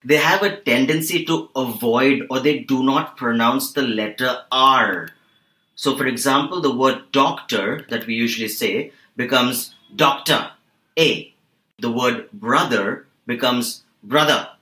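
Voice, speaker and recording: A man's voice: mid-range voice, pushed and bright. Man teaching in an echoey room. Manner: measured, instructive, slows to stress words. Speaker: English teacher on podcast. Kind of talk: explanatory podcast chat.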